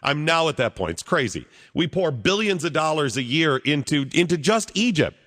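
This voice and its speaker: Blunt opinionated radio host. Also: male voice, fairly high pitch, sing-song, moderate pace, fairly bright tone, big-room sound. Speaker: radio talk show host. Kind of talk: talk radio commentary.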